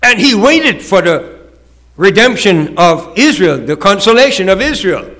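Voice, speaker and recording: A man's voice: sits high, sing-song, a little slow, pushed and bright. A male pastor preaching a sermon, with rising, emphatic calls and acted-out quotes.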